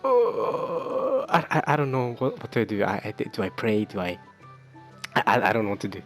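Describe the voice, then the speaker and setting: A young man giving casual let's-play commentary, excitable and stammering, repeating himself as he talks. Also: on the low side, quick pace, soft background music. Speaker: gaming video creator.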